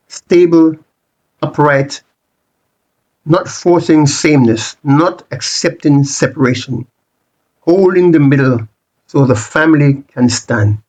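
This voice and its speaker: A man presenting a reflective monologue, speaking in deliberate, repetitive rhetorical phrases with the odd restart. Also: fairly high pitch, a little mellow, poor audio. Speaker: channel presenter.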